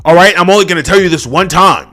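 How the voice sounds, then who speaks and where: A man putting on the voice of a commanding male wrestler giving slow orders. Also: high-pitched, pushed and bright, faint music behind.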